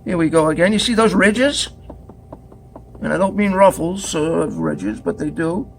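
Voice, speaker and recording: A man's voice: sits high, big pitch swings, measured pace. A man teaching pottery at the wheel in a studio, chatty and joking as he demonstrates step by step.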